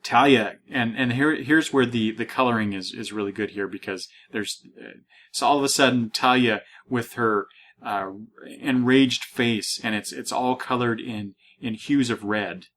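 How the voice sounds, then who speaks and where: A man's voice: medium pitch, unhurried, fairly bright tone. A man hosting a casual podcast, talking through a comic book with many restarts and fillers, reading panels aloud. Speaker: podcast host.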